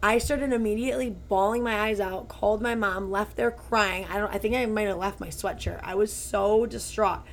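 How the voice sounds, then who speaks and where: A woman in her twenties co-hosts a podcast, chatting casually in a steady, mid-range voice at normal speed with few pauses. She tells stories packed with "like" fillers.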